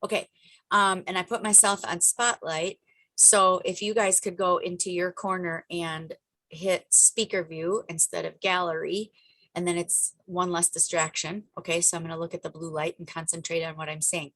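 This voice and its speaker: A woman coaching a group over a video call, talking with energy and emphasis and wandering into chatty asides. Her voice sits a little low for a woman. The sound is dry and close, with no room echo. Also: level tone, moderate pace, a bit bright. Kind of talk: motivational coaching talk.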